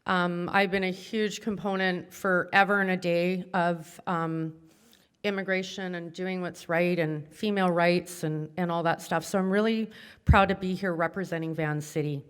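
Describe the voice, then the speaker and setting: A middle-aged woman, a mayor, speaks at an awards ceremony in a somewhat low voice. She is chatty and heartfelt, and she pads her sentences with frequent ums. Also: fairly even intonation, moderate pace, clear, resonant tone. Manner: chatty, heartfelt, many fillers. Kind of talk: ceremony speech.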